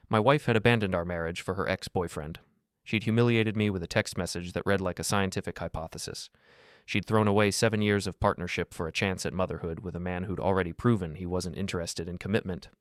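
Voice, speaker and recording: Calm, cold, low-voiced male narrator. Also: fairly quick, no echo, clean studio sound. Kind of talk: scripted first-person narration.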